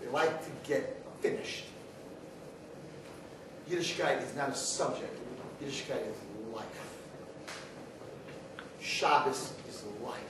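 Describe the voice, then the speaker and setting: A middle-aged man lecturing as a rabbi at a live event, swinging from quiet asides to shouting as he acts out arguing voices. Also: medium pitch, slow, pauses often. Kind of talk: animated live talk. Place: large hall at a live event. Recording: distant, echoey hall recording with faint noise.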